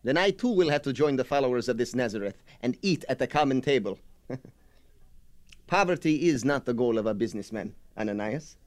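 An actor playing a shrewd, chuckling merchant who haggles over land in a radio drama. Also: male voice, medium pitch, animated, brisk, natural voice. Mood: sly. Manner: sly, chuckling, bargaining. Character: shrewd haggling male land buyer, middle-aged.

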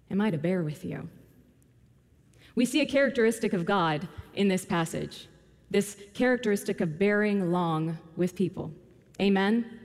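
A woman's voice: mid-range voice, a little mellow. A woman preaching a sermon, retelling a scripture story and addressing her congregation directly. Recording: long hall reverb.

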